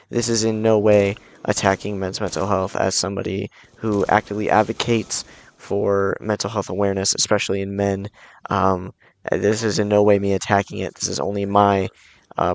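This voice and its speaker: Man, lowish voice, earnest, casual commentary, lots of ums and restarts. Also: no room sound. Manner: earnest, with frequent fillers and restarts. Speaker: video commentator.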